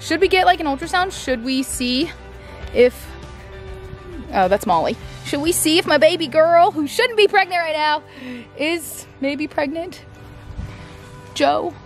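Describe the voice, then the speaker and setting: A young woman vlogging on her farm, chatting excitedly to the camera and her animals with lots of "like" and "I don't know". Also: high voice. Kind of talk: casual vlog chat to camera. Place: outdoors on a farm pasture.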